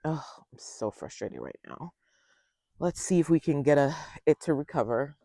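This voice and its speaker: A man casually walking viewers through his backyard garden, chatting to them directly and thinking out loud as he goes. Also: a little high, lively intonation, moderate pace, creaky, no echo, clean studio sound. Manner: chatty, talks straight to viewers and thinks aloud. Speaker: home gardener giving a tour. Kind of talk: casual garden tour vlog.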